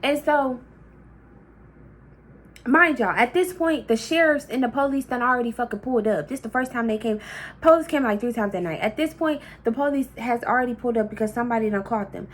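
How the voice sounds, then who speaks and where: A woman vlogger telling a heated, profane storytime in a casual, animated way. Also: a little high, a little fast.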